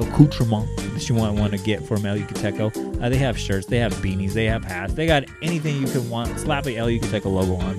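Laid-back low-voiced male podcast host. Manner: loose, profane, repeats "guys" and "like". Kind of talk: casual podcast chat with ad read.

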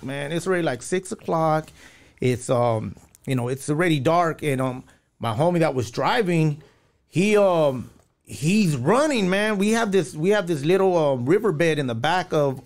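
Gravelly storyteller. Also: male voice, fairly high pitch. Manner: rambling storytelling with many fillers, acting out quoted dialogue. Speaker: podcast guest. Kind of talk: personal storytelling.

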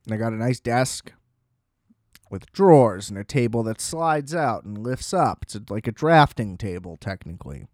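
A man's voice: lowish voice, animated, moderate pace, darkish tone, no room sound, clean studio sound. A young man chatting casually on his own, rambling, swearing freely and laughing often. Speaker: solo vlogger. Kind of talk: casual chat.

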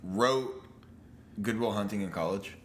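A man's voice: lowish voice, unhurried, fairly bright tone, slight background noise. A young man in goofy, playful, profane banter as a podcast co-host. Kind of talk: casual chat.

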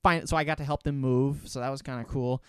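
A man's voice: mid-range voice, steady tone, quick pace, a bit bright, clean tone, no echo, studio quality. A young man and student in casual chat with a friend, rambling and swearing casually.

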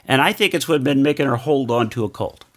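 Lively animated man co-hosting a podcast. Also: mid-range voice, quick pace. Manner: animated, teasing, quotes others in mock voices. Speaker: podcast co-host. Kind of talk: casual chat. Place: home basement studio.

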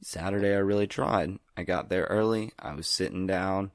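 A man's voice: sits low, fairly even intonation, moderate pace, dry recording, clean studio sound. A young man co-hosting a podcast, rambling in a laid-back casual chat with lots of fillers. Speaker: podcast co-host.

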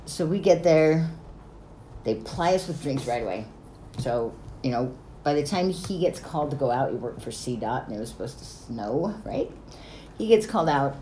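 A woman's voice: extremely low pitch, animated, normal speed, dark tone. A woman telling stories in casual chat, swearing freely and laughing between lines. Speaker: storyteller. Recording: echoey room with faint noise.

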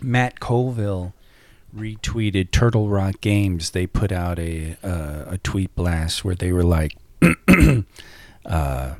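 A man's voice: sits low, animated, slow, a little mellow, no echo. A man co-hosting a casual podcast, telling anecdotes and cracking jokes. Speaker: podcast co-host.

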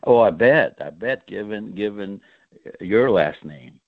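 A man's voice: on the low side, animated, takes it slowly, no room sound, narrow, tinny audio. A man from Greece, a guest on a radio talk show, chatting at length and laughing often. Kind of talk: casual radio chat.

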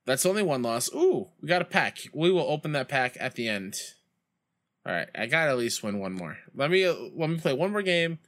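A man's voice: a little high, very animated, fairly quick, a bit bright. A young man streaming a baseball video game, chatting casually with his chat and telling stories, with outbursts when plays go wrong. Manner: reads chat aloud and tells rambling school stories.

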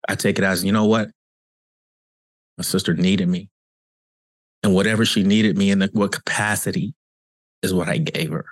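A man's voice: low-pitched, fairly even intonation, moderate pace, long pauses, no room sound. A man who hosts a show as a cancer coach, talking earnestly and conversationally in a reflective motivational monologue, often repeating himself for emphasis. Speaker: cancer coach and podcast host.

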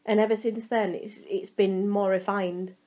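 A young woman with a Yorkshire accent co-hosts a podcast, chatting casually in a medium-pitched, dark-toned, flat voice. She's talkative and teasing toward her friend, keeps things moving, and often cuts in mid-sentence.

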